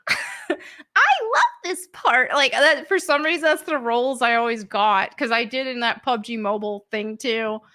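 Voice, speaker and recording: A woman's voice: fairly high pitch, expressive, a little slow, bright, forceful tone. A woman hosting a live stream, chatting casually and laughing often.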